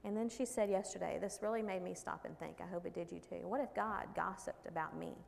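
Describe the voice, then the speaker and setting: A woman's voice: lowish voice, fairly quick, gravelly. A woman giving a devotional talk, telling folksy stories and reading scripture. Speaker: women's Bible study speaker. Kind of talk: sermon. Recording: long hall reverb.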